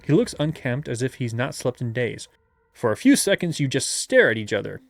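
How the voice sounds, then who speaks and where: A man hosting a playthrough, reading a gamebook aloud in a steady way and adding chatty asides. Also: medium pitch, moderate pace, gravelly. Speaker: host and gamebook narrator.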